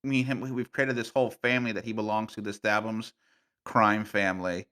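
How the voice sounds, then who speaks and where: Guy on a gaming podcast, kinda low voice but real bright and bouncy, playful storyteller. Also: brisk, clean tone. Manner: playful, animated storytelling with frequent fillers. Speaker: podcast guest, game master. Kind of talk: casual podcast conversation.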